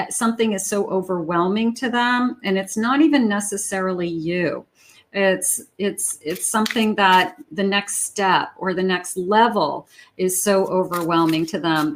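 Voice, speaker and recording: A woman giving a tarot reading in a chatty, conversational way, with frequent fillers and restarts. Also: medium pitch. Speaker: tarot reader.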